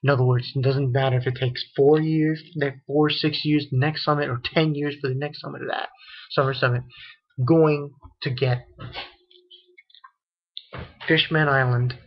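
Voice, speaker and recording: A man giving a casual, rambling episode recap, full of fillers and repeats, who sometimes acts out characters' lines. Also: medium pitch. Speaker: anime reviewer. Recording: dull lo-fi home recording.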